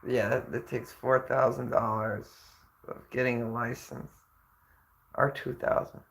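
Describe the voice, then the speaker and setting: Slow, creaky rambling livestreamer. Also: mid-range voice, little pitch movement, fairly bright tone, poor audio. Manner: rambling, hesitant, many fillers. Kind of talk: casual chat.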